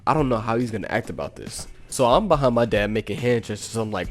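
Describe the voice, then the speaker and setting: A man's voice: mid-range voice, fast, few pauses, faint music behind. A young man casually narrating a personal story in laid-back, slangy talk full of "you know.". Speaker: storytime YouTuber.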